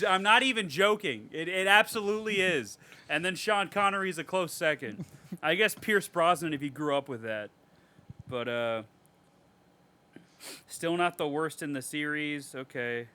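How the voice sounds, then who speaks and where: A man co-hosting a horror podcast, reading reviews aloud with animated, sarcastic commentary and frequent swearing. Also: on the high side, unhurried. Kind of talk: casual podcast chat.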